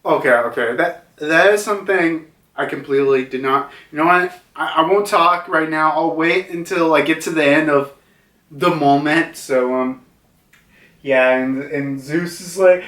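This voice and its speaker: A man's voice: a little high, a little slow, a bit bright. A man casually reviewing a comic chapter, rambling with many fillers and restarts. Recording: roomy, distant from mic.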